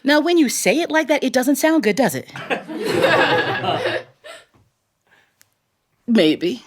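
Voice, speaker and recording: Brief: lively woman storyteller, high voice, chuckles as she tells it. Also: drawn-out words, a crowd in the background. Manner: animated, chuckles between lines. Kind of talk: live storytelling. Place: recording studio.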